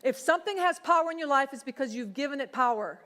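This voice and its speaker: Woman pastor, casual sermon, higher voice, long hall reverb. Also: expressive, quick pace, sharp tone. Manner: conversational, acts out quoted voices.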